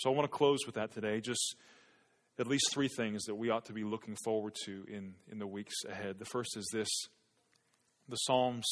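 A man's voice: mid-range voice, fairly bright tone. A male pastor preaching an earnest sermon to his church, often repeating words as he builds emphasis. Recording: long hall reverb.

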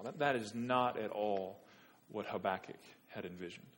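A man preaching a sermon, moving from quiet reflection to loud, pleading rhetorical questions. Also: on the low side, moderate pace. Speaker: pastor.

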